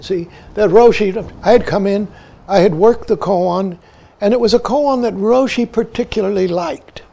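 An older man gives a Zen dharma talk in a high voice. He speaks at an unhurried pace and keeps coming back to the word "see." When he retells a story, he drops to a hushed near-whisper. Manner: says "see" again and again, slow and deliberate. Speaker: Zen teacher.

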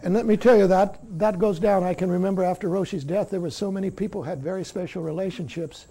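A man giving a Zen dharma talk as the teacher, halting and dropping "see?" after many points. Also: high voice, fairly even intonation, mellow.

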